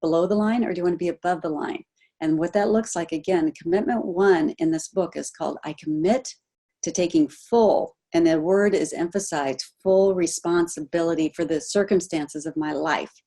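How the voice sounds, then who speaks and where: A woman coaching a group on a video call, animated, asking her listeners questions and acting out example voices. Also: fairly low pitch, normal speed. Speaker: health coach.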